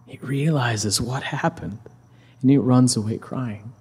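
A man's voice: mid-range voice, unhurried, a little mellow, breathy edge. A man casually retelling a scripture story as a preacher, conversational, with many fillers and restarts.

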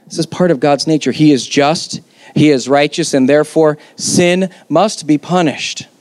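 A man's voice: on the high side, moderate pace, darkish tone, no room sound. Emphatic male pastor preaching. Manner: conversational, emphatic, rhetorical questions. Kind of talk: sermon.

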